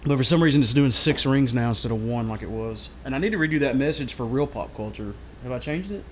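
A man's voice: medium pitch, lively intonation, fast, a little hiss or hum. Upbeat joking male podcast host. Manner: upbeat, joking, rattles off plugs. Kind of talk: casual podcast chat.

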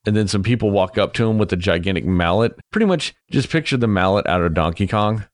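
A man's voice: low-pitched, dry recording. A young man recapping a movie in a casual, rambling way, sarcastic and swearing a lot, slipping into mocking voices for the people he describes. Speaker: movie reviewer.

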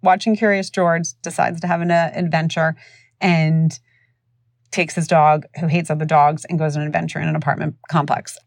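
Low-voiced woman telling a podcast story. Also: normal speed, vocal fry, no room sound, studio quality. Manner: animated, acts out voices of others. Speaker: podcast host. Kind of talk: casual storytelling.

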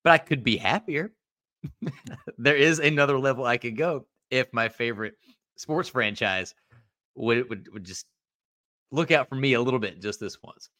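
A man's voice: mid-range voice, moderate pace, pauses often, bright, forceful tone, dry recording, studio quality. A man co-hosting a podcast in casual sports chat, complaining emphatically with a wry edge. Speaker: podcast co-host.

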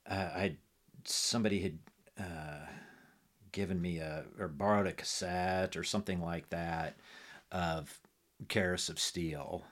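A middle-aged man with a low, deep voice talks casually as a podcast guest. He rambles, restarting sentences and scattering fillers as he remembers. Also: fairly even intonation, a little slow, a bit bright. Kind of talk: casual conversation about music.

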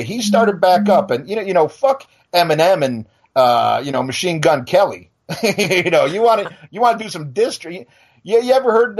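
A middle-aged male podcast host on a blunt, profane rant, tripping into restarts as he talks. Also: sits high. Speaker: podcast and radio show host. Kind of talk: heated casual rant.

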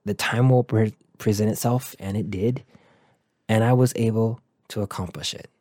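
A man's voice: lowish voice, fairly even intonation, moderate pace, mellow, no echo, studio quality. A man hosting a motivational podcast, talking earnestly and encouragingly in a loose, rambling way. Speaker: podcast host.

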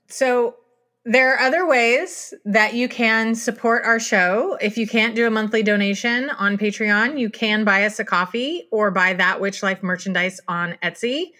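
A woman's voice: medium pitch, fairly bright tone. A woman co-hosting a podcast, reading out supporter thanks and show announcements in an upbeat manner. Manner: upbeat, promotional. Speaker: podcast co-host.

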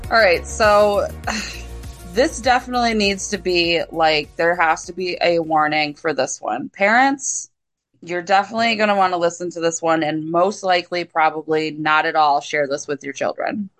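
A woman's voice: on the low side, moderate pace, fairly bright tone, faint music behind. Wry woman co-hosting a podcast. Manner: wry, easily exasperated. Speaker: podcast co-host. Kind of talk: casual podcast chat.

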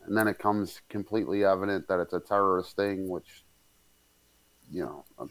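A man with a fairly low voice tells a long personal story in a loose, rambling way. He swears crudely and leans on fillers as he goes. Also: moderate pace, a bit bright. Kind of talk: casual storytelling.

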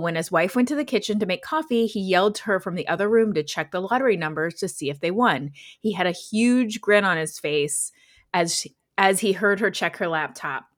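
A woman co-hosting a podcast in casual chat, agreeing readily and telling anecdotes with acted-out reactions. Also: on the low side. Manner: animated storyteller, agreeable, acts out reactions in quotes. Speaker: podcast co-host.

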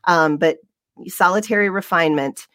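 A woman's voice: on the low side, moderate pace, fairly bright tone, dry recording, studio quality. A woman co-hosting a podcast livestream in a casual chat. She talks in a rambling, chatty way with frequent laughs and restarts. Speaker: fitness instructor.

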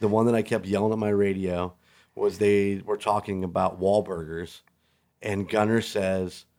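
A man with a low voice, a guest on a podcast. He talks in an easygoing way and laughs often as he tells his stories. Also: steady tone, moderate pace, darkish tone. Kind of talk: casual podcast chat.

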